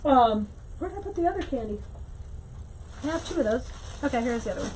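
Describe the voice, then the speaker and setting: Lady hosting a craft livestream, high voice, chatty, says hi to everyone. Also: very animated, fast, darkish tone, slight background noise, poor audio. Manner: chatty, greets viewers by name, giggly. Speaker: livestream host teaching wreath making. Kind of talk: casual livestream crafting chat.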